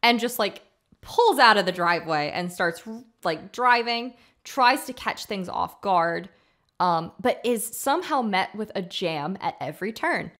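A woman's voice: medium pitch, a little slow. A woman co-hosting a podcast, retelling a film scene by scene in casual chat, acting out the characters' lines with lots of filler words. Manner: animated retelling, acting out quotes, frequent fillers. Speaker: podcast co-host.

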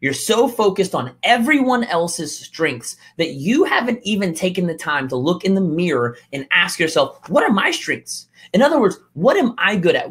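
Male coach, motivational talk, lively pitch that swoops up and down, emphatic, repeats his points. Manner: emphatic, repeats key lines, acts out quotes.

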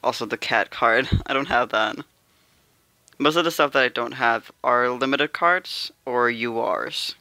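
A young adult gamer giving casual, excitable commentary while pulling cards in a mobile game, calling out in pleading bursts and squeals. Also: medium pitch, measured pace, no echo. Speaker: gameplay streamer. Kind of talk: casual gacha gameplay commentary.

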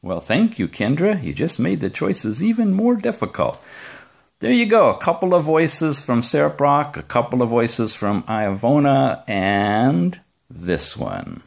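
A man's voice: mid-range voice, wildly swooping pitch, measured pace, creaky. A man hosting a casual, chatty gadget demo from his rural home, enthusiastic and joking. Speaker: tech reviewer host.

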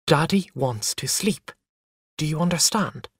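A man puts on a calm, firm storybook mother, her voice lifted somewhat higher than his own. She speaks patiently, with a quiet, insistent authority, the pitch rising and falling freely. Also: measured pace, husky, dry recording, heavily acted.

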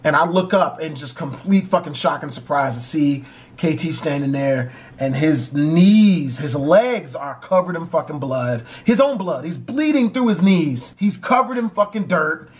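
A man telling a dramatic personal story in an animated, profanity-heavy way. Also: a little high, a little slow. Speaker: vlogger. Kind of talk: storytime vlog.

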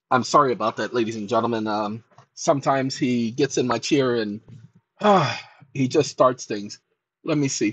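A man's voice: mid-range voice, husky, no echo. A man hosting a video channel, talking straight to his viewers in a casual, rambling, repetitive way. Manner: chatty, repetitive, addresses viewers directly. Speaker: channel host.

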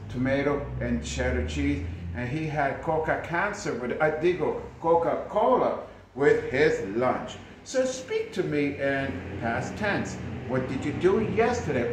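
A man's voice: a little high, slight background noise. A man teaching an English lesson in a playful, exaggerated way, acting out both sides of a practice dialogue. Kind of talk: energetic language lesson. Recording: very echoey room with faint ambience.

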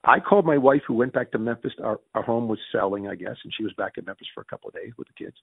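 A gravelly, husky American man tells his story in a lively, swinging voice and keeps breaking in on himself. The sound is dry and thin, as if it came over a phone line. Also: medium pitch, dry recording. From United States. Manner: rapid self-correcting anecdotes with quoted dialogue. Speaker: interview guest. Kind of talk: animated storytelling in conversation.

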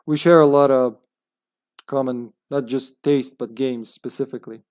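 A young man streaming a game, chatting casually, joking and laughing often with quick asides. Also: medium pitch, steady tone, darkish tone. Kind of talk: casual gaming commentary.

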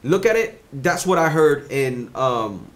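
A young man casually telling a story in an animated way, swearing freely and repeating "you know what I'm saying". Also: mid-range voice, a little slow.

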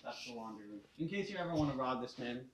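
A man's voice: medium pitch, lively intonation, quick pace, music in the background. A man joining a friend's house tour, teasing him with wisecracks in casual banter.

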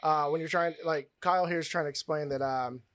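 An easygoing man co-hosts a casual reaction chat, laying things out for his listeners. His voice sits a little high for a man. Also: fairly even intonation, a little fast, fairly bright tone. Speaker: co-host.

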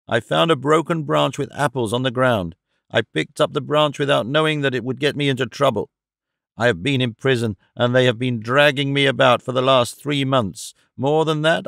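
A defiant, muddled old vagrant on trial rambles his blunt protests, as a male audiobook reader plays him. The voice is gravelly and sits at an ordinary pitch. The sound is close and dry, with no room around it. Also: fairly bright tone, no echo. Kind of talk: audiobook character reading.

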